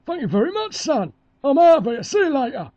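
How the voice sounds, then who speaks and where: Casting: performer doing a bouncy Cockney chicken dad, animated, warm dark tone. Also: high voice, a little fast, no room sound. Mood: chirpy. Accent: London Cockney put on. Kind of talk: amateur cartoon voice acting.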